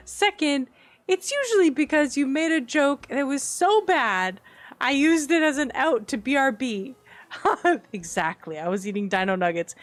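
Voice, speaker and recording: Casually chatting with viewers over gameplay, a young woman streams a cozy life-sim game in a high-pitched, unhurried voice. She giggles a lot and now and then bursts into excited squeals.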